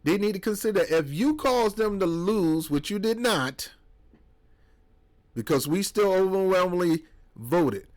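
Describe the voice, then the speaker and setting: Heated, preachy man with a high voice. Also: lively intonation, unhurried, darkish tone. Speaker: commentator. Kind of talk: political monologue.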